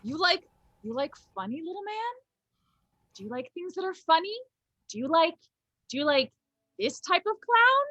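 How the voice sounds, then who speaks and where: A woman's voice: extremely high pitch, big pitch swings, normal speed, pauses often, bright, forceful tone, no room sound, highs cut off, exaggerated voice. A woman playing a bored court clown in a tabletop game, teasing and mock-threatening with playful menace.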